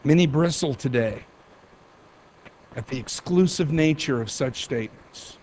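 Middle-aged pastor guy preaching, kinda high voice, really emphatic. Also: expressive, unhurried, darkish tone, a little hiss or hum. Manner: emphatic, varies pace for emphasis. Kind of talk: sermon.

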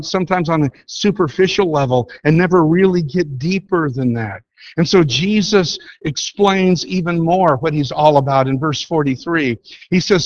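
A man preaching a sermon, reading scripture slowly and explaining it earnestly. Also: on the high side. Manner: earnest, emphatic, slows down to read scripture. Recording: dull lo-fi sound.

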